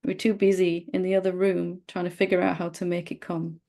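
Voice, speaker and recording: Woman, middle-aged, spiritual teacher, gravelly, gentle, playful, satsang dialogue. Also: lowish voice, level tone, a little fast.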